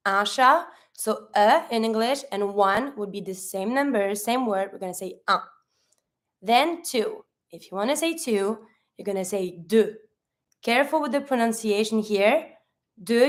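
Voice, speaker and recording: Slow, patient woman teaching French numbers. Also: on the high side. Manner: patient, explains step by step with repeated examples. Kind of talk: online language lesson.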